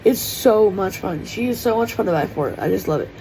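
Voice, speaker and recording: Standing in her home kitchen, a woman delivers an emotional personal vlog monologue, tearful and rambling with many fillers. She speaks fairly quickly in an expressive, mid-range voice with a dark tone, on a rough recording with slight background noise.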